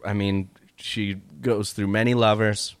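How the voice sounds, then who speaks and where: A man's voice: fairly low pitch, level tone, measured pace, clean tone, no room sound. A man hosting a podcast, chatting casually and laughing often. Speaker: podcast host. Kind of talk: casual chat.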